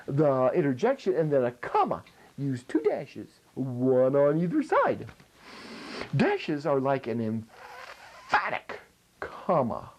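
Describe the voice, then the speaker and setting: A man's voice: a little high, a little mellow, poor audio. Playful, folksy man teaching a grammar lesson. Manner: playful and folksy, chuckles at own jokes, silly coined words. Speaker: show host teaching writing.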